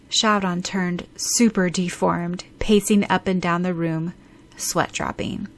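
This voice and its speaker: A woman narrating a fan fiction audiobook in a brisk storytelling manner. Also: on the low side, fairly even intonation.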